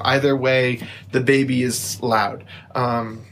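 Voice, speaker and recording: A man in the middle of his range co-hosts a casual podcast, a bit tipsy after a few drinks. He rambles with quick asides and tangents. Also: medium pitch, animated, fairly bright tone, slight background noise. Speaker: podcast co-host, new father. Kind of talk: casual chat.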